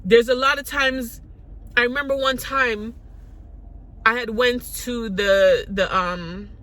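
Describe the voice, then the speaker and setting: A woman's voice: on the high side, steady tone, takes it slowly, pushed and bright. A woman raised in the Caribbean, telling personal stories to her vlog audience in a candid, rambling way with many restarts. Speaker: vlogger. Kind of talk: personal storytelling to camera.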